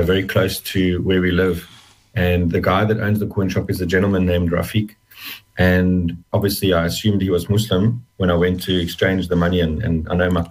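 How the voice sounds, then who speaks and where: Deep husky guy telling his own story in an interview, stops and restarts a lot, choked up. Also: poor audio. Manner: halting, reflective, with many restarts. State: emotional, close to tears. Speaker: interview guest. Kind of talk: personal testimony in an interview.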